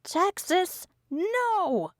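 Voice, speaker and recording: A woman voicing a normally soft-spoken teenage girl who is frantic and shouting with fury. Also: moderate pace, clear, resonant tone, no echo, clean studio sound, natural voice. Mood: furious. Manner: shrill, furious.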